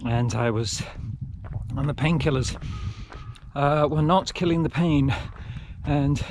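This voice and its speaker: A man's voice: fairly high pitch, takes it slowly, darkish tone, a little hiss or hum. A man narrating his trail run in a casual, self-mocking vlog, talking to himself out on a mountain trail. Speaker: trail-running vlogger.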